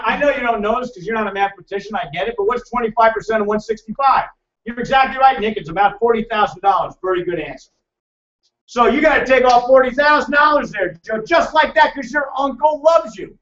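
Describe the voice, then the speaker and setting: A man presenting a financial seminar to a live audience, loud, emphatic and hectoring as he teases the crowd. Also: extremely high pitch, brisk. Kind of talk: motivational seminar lecture. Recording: echoey, distant, dull room recording.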